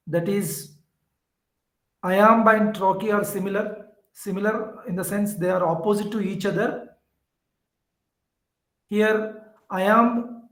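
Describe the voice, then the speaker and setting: High, slow Indian English teacher. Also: male voice, echoey room, rough recording. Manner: repeats key words, explains step by step. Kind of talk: lecture.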